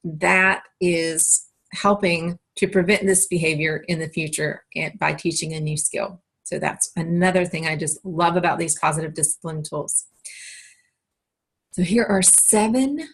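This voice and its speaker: A woman giving a calm, explanatory parenting lesson, now and then acting out short phrases a parent or child might say. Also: on the low side, slightly rough. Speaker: parenting educator. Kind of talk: instructional talk to camera.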